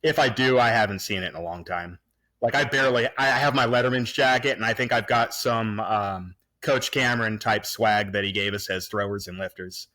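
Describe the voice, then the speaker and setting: A man in his thirties from the Pacific Northwest of the USA reminisces as a remote podcast guest, speaking at a moderate pace in a lowish voice. The casual chat is relaxed and full of fillers and restarts, recorded remotely on a podcast mic.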